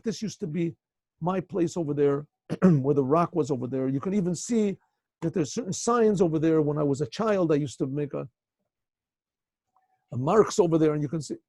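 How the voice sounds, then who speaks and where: A man's voice: on the high side, expressive, normal speed, warm tone, dry recording. A man voicing a stubborn neighbor pleading over a land boundary in a told story.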